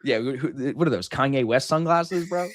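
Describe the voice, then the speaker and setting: A man's voice: mid-range voice, moderate pace, no echo, clean studio sound. A man in his thirties hosting a live trading stream, brash and joking, swearing freely in casual chat.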